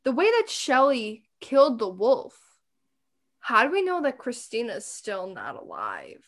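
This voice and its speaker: A woman with a high voice co-hosts a casual podcast recap. She talks bluntly, with sarcasm and plenty of swearing, mocking the characters as she goes. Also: huge pitch swings, a little slow, a bit bright. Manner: blunt, profane, sarcastic retelling. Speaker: podcast co-host.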